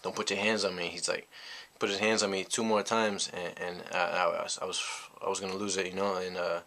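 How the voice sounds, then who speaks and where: A young man from the United States talks through a personal story in a deep voice that stays level. His tone is bright and forceful, and he rambles, circling back with "you know" after nearly every thought. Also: level tone, a little fast. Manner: rambling, reflective, heavy on "you know" fillers. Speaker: vlogger. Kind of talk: casual storytelling monologue.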